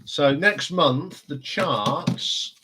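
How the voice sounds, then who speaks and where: A man's voice: on the high side, drawn-out words, pushed and bright, a little hiss or hum. A man with a Northampton accent, hosting a casual live stream chat and rambling with frequent laughs. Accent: Northampton English. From England. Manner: chatty, rambling, laughs often.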